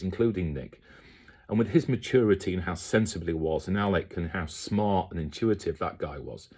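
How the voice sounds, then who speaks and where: A man's voice: deep voice, husky. A man rambling through his memories of kitchen work as a chef, chatty and casual, often slipping into quoted voices. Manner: chatty storyteller, mimics people in quotes.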